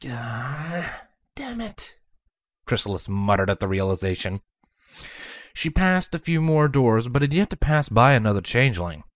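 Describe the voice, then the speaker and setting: A woman's voice: very deep voice, lively intonation, moderate pace, no echo, clean studio sound. A woman narrating a fan-fiction story aloud, reading expressively and voicing every character.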